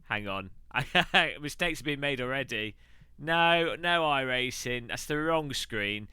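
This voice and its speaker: A man's voice: mid-range voice, animated, sharp tone, smooth, no echo. A man chatting casually and rambling on a live stream while sim racing. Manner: chatty, rambling, quick asides.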